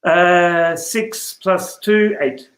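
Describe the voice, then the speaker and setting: A man's voice: high-pitched, steady tone, drawn-out words, a bit bright, echoey room, poor audio. A man playing a tabletop role-playing game over a video call, often correcting himself and apologizing with a laugh. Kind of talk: casual role-play chat.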